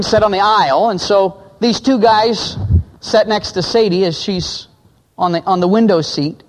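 A man's voice: a little mellow, long reverb tail. A man preaching, telling illustration stories and acting out the quoted voices of the people in them. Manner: acts out quoted voices, drops low for men's lines. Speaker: pastor. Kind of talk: sermon illustration storytelling.

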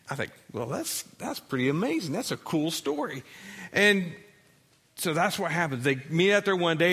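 A man preaching a sermon, telling a story with energy, rising loud and dropping soft, and acting out the voices of the people in it. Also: on the high side, normal speed, husky. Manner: animated storytelling, acts out voices, rises loud then drops soft. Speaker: pastor.

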